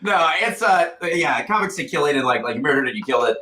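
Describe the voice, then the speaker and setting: Animated young man laughing in an echoey room. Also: quick pace, background noise. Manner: animated, laughing, jumps high when telling stories. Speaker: podcast co-host, comedian. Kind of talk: casual podcast chat.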